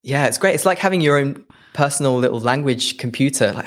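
A man from the English Midlands with a Midlands accent, a podcast guest in casual chat who laughs often and acts out quotes in a higher voice. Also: lively intonation, brisk.

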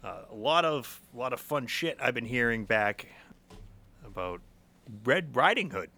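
A man's voice: medium pitch, expressive, unhurried, sharp tone. A young man co-hosting a podcast in casual chat, joking, laughing often and stumbling over repeated words. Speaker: podcast co-host.

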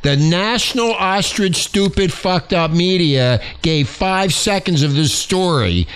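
High bright angry ranting man. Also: expressive, takes it slowly, smooth. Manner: angry, shouting, profane ranting. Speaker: talk show host. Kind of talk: ranting talk show commentary.

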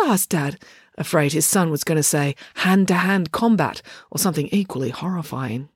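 A woman narrating a children's story, with expressive, animated storytelling. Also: deep voice, moderate pace, slightly rough, no room sound, studio quality. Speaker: audiobook narrator. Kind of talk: storybook reading.

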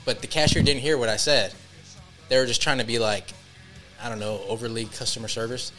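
A man's voice: mid-range voice, fairly even intonation, a little fast, a bit bright, soft background music. A man co-hosting a podcast, joking around, laughing a lot and swearing freely in crude casual banter. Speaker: podcast co-host.

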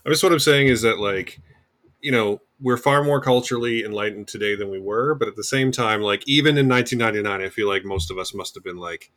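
A man's voice: fairly low pitch, fast talker, fairly bright tone. A man hosting a podcast in casual chat, rambling and wry, often restarting his sentences. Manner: rambling, self-correcting, wry. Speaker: podcast host.

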